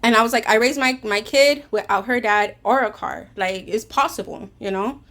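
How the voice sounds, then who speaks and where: Heated woman venting a friend fight, voice a bit high, cussing and acting out both sides. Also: moderate pace, a bit bright. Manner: heated, swears often, reenacts both sides of an argument. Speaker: vlogger; caregiver. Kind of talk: storytime vlog.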